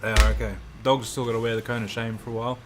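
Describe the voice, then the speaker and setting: Aussie guy chatting on a stream, laid back, swears a fair bit, average pitch voice. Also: little pitch movement, very fast, noisy background. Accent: Australian. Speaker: livestream co-host. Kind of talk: casual chat on a livestream.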